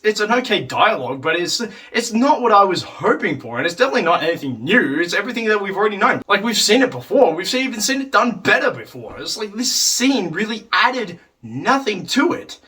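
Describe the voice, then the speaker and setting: A man with a high, bright voice talks through a casual review, rambling and peppering his sentences with "like" and the odd swear word. He sounds somewhat distant from the microphone. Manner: rambling, heavy use of "like", swears, acts out quotes. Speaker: video reviewer.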